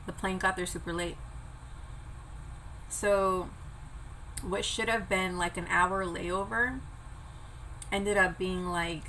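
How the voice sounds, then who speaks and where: A woman's voice: lowish voice, pushed and bright, slight background noise, rough recording. A young woman chatting casually while eating on camera, telling a travel story and swearing now and then. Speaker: vlogger. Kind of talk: casual mukbang chat.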